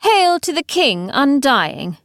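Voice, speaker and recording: A woman's voice: high-pitched, very animated, slow pace, fairly bright tone, dry recording, voice pushed up, full character voice. Lady doing a stern gaunt young noblewoman, intoning, formal, dry close sound. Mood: solemn. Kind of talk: audiobook character voice.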